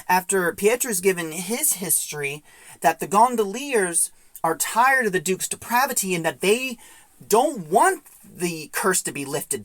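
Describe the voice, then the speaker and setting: A woman's voice: mid-range voice, no echo. A young woman casually recapping and reviewing an audio drama, retelling scenes in a chatty way with many asides.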